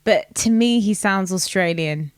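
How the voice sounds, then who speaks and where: A woman's voice: medium pitch, unhurried, clear, resonant tone, no echo. A woman guest on a podcast in a playful, casual chat, laughing often between her remarks.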